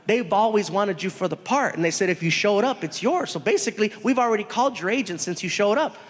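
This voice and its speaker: A man's voice: high voice, expressive, fast talker, big-room sound, slight background noise. A male comedian quoting a matter-of-fact female casting director in his own voice. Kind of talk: stand-up act-out.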